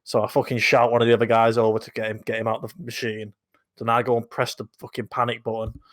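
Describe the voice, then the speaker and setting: A young man co-hosting a podcast, telling sweary anecdotes in a casual, animated way. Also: medium pitch, fast talker, no echo, studio quality. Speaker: podcast co-host. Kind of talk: casual storytelling chat.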